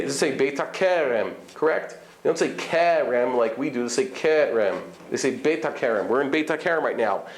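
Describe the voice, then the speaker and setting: A man, a rabbi giving a live class, explaining and demonstrating vowel sounds while checking in with his students. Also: a little high. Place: study hall classroom. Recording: echoey room.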